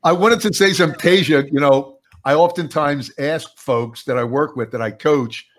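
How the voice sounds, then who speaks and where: A man's voice: on the high side, moderate pace. A man who works as a coach, giving earnest advice in a casual panel chat with self-deprecating humor.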